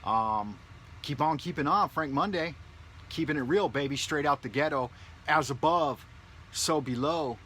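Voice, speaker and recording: A man's voice: on the high side, a little slow, a bit bright, a little hiss or hum. A man vlogging from his home in a big city, rambling in a loose, joking way and swearing freely. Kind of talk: rambling casual monologue.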